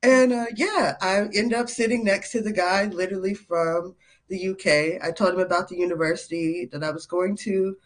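Podcast guest: young woman, lively storyteller who laughs easily. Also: lowish voice, normal speed. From North Carolina, USA. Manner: animated, laughs often, many fillers. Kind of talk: casual interview storytelling.

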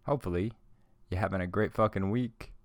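A man hosting a solo podcast who talks in a casual, rambling, profane way while high. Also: fairly quick, dry recording. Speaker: podcast host.

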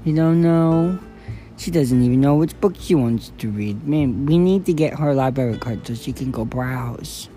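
A woman's voice: very deep voice, expressive, normal speed, warm tone, faint music behind. A woman hosting a playful comedy vlog, teasing her dog and talking to it like a baby.

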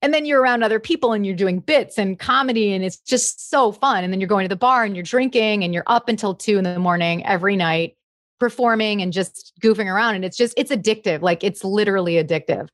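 A young woman, a comedian, chatting in an interview, lively and laughing often. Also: mid-range voice, quick pace, dry recording, clean studio sound. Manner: chatty, animated, laughs often, slips into impressions. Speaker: comedian guest. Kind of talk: casual interview chat.

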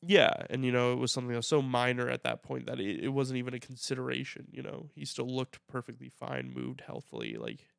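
A young man co-hosting a podcast, speaking in a reflective, halting way with frequent restarts. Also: mid-range voice, animated, vocal fry, a bit bright, clear, resonant tone, dry recording, studio quality. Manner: reflective, halting with repeated starts. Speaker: podcast co-host. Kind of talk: casual chat.

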